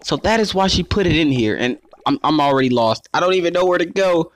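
A man with a slightly high voice giving let's play commentary. He sounds excitable and keeps talking straight to his viewers as he plays. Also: fast talker. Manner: excitable, calls himself "your boy", keeps addressing viewers as guys. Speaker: gaming YouTuber.

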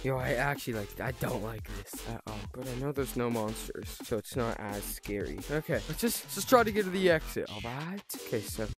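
Young male gaming host, jumpy and loud, yelps and laughs, very animated delivery, game music underneath. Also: medium pitch, a little fast, few pauses. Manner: excitable, screams and laughs often, repeats phrases. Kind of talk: VR horror gameplay commentary.

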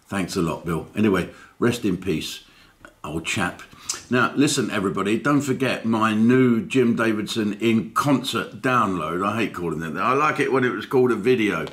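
Low-voiced man chatting to camera. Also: normal speed, a bit bright. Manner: chatty storytelling, full of fillers and asides; jokey and self-mocking. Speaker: comedian and channel host. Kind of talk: casual chat to camera.

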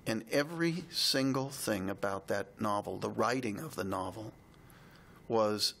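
A man co-hosting a podcast, telling a heartfelt personal story in a reflective, halting way. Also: fairly low pitch, vocal fry, fairly bright tone, slight background noise. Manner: reflective, halting, emotional retelling.

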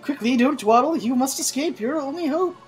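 Woman playing an earnest young heroine, pitched up, pleading, game dub, faint music behind. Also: lively intonation, a little fast, a little mellow. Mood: urgent. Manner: earnest pleading voice, raised higher. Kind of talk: fan voice-over of game cutscenes.

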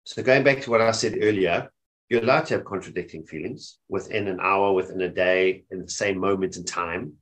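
A South African man gives an informal webinar on mental health, speaking through a webinar microphone. His low voice is a bit bright and a little fast, and he often checks in with listeners by asking "okay?".

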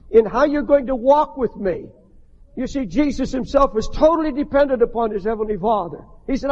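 Older guy preaching hard, high voice, stumbles and restarts, gets loud, old dull church recording. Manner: impassioned preaching, rising to shouts, many restarts. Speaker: pastor. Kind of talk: sermon. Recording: dull archival recording in a long-echo hall.

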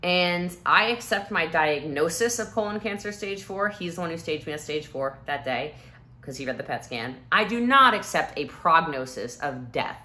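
A woman in her thirties telling a personal story to the camera in an animated, expressive way, swinging from hushed to loud. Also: sits low, moderate pace. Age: 30s. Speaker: vlogger.

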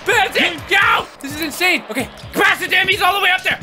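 A man streaming a video game, giving loud, jokey commentary and often shouting at the game. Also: very high-pitched, lively intonation, moderate pace, few pauses, over music. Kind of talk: excitable gameplay commentary.

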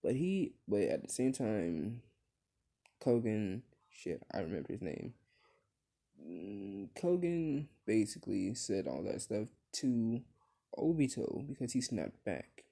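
Slow, mellow-voiced rambling male storyteller. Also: on the low side, expressive, vocal fry. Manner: rambling, many fillers and restarts, swears at slips. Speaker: fan-fiction storyteller. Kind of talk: casual storytelling.

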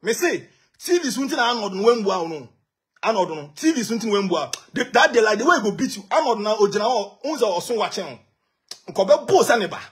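A Ghanaian man rants in a husky, strikingly high voice, taunting his target in pidgin. He flares into shouts in bursts before dropping back to scornful muttering. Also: sing-song, quick pace. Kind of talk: heated rant.

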